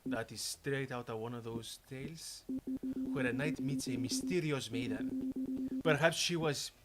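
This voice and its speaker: A man's voice: mid-range voice, unhurried, loud music behind the voice, close to an everyday voice, poor audio. A man voicing a bumbling, goofy young male knight, reading game dialogue aloud in a flowery, theatrical courtly manner. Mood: grandly courtly.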